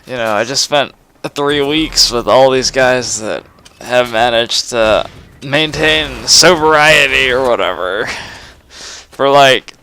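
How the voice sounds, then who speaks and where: A man's voice: medium pitch, takes it slowly, pushed and bright, slight background noise. A young man in his late teens, a bit drunk, rambling and swearing through a confessional monologue, with laughs and sighs between phrases. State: tipsy from drinking. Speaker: gamer recording a personal vlog.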